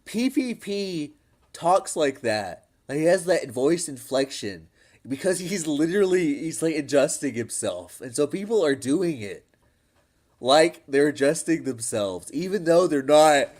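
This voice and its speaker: A man's voice: a little high, big pitch swings, unhurried, darkish tone. A man chatting casually on a podcast, laughing often and swearing freely. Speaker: podcast co-host. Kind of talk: casual crude banter.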